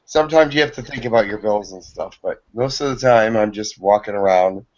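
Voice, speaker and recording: A man's voice: lowish voice, fairly quick, darkish tone. Easygoing man chatting on a call. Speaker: host. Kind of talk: casual chat in a video call. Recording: dull lo-fi call audio.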